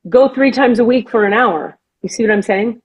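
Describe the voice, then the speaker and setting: A woman hosting a podcast, talking earnestly and with feeling in casual chat, sometimes slowing down to stress a point. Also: on the high side, slightly rough, low-quality recording. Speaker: podcast host.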